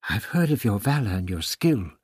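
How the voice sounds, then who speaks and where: A man reading an audiobook voices a naive, earnest young man of eighteen who speaks innocently and with gentle reproach. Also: fairly low pitch, very animated, normal speed, husky, dry recording. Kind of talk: audiobook character voice.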